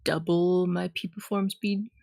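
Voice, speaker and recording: A woman playing a tabletop game in character, enthusiastic and quick to agree. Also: lowish voice, steady tone, gravelly, darkish tone.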